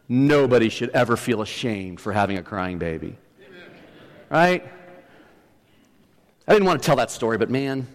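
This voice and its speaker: A middle-aged male pastor preaching a sermon, telling a story with restarts and building to emphatic points. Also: medium pitch. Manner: storytelling, often restarts, rises to emphatic peaks. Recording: long hall reverb.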